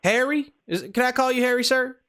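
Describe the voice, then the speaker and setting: A man's voice: extremely high pitch, fairly quick, fairly bright tone, a little hiss or hum, voice pushed up. A man putting on a rambling Southern caller. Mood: folksy. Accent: American Southern (put on). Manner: rambling, drawling, calls people son and sir. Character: folksy Southern man calling about car repair. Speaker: prank caller.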